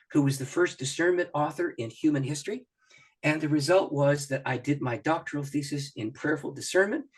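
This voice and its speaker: A man's voice: on the high side, breathy edge. A middle-aged man, a pastor and author, telling personal stories as an interview guest, acting out his own thoughts and laughing often. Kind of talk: animated personal storytelling in an interview.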